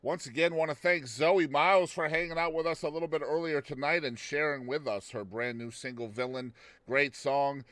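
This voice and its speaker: A man's voice: fairly high pitch, moderate pace, a bit bright, no room sound. A man from Boston hosting a music show, talking in a loose, chatty way with lots of ums. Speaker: radio show host.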